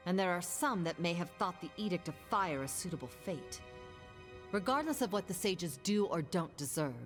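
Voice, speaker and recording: A woman voicing a stern, scholarly female mage in a video game, speaking in a dry, measured, slightly sardonic way. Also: lowish voice, in a large hall, natural voice.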